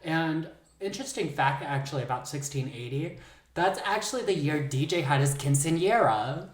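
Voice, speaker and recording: This podcast co-host has an expressive, fairly high voice at a moderate pace, recorded in an echoey room. He chats casually, then turns to theatrical narration full of playful teasing.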